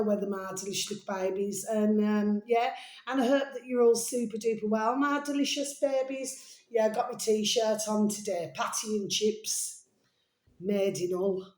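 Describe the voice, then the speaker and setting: A slightly hoarse woman rambles in a casual chat to camera, showering her viewers with pet names. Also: medium pitch, darkish tone. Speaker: video blogger. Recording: roomy echo.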